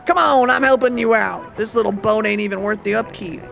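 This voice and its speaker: A woman voicing a scheming male loan shark who talks in a low, quiet, threatening drawl. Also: fairly quick, vocal fry, faint music behind. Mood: menacing.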